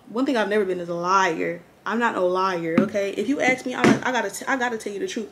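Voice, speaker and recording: A woman's voice: medium pitch, fast, few pauses, slight background noise. Chatty young woman telling a story. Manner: chatty, slangy, animated storytelling. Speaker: vlogger. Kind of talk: get-ready-with-me storytime.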